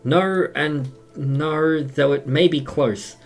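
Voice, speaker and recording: An Australian man voicing a calm, autonomous male AI in a game, reading its lines quietly and evenly. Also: fairly high pitch, takes it slowly, faint music behind.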